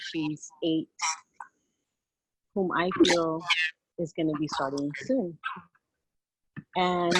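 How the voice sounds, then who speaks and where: A hesitant woman in her forties asks a question at a workshop, stopping and restarting her sentences. Her voice is a little low for a woman. A clear background noise with clicks runs under her. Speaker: workshop participant asking a question. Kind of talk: casual question.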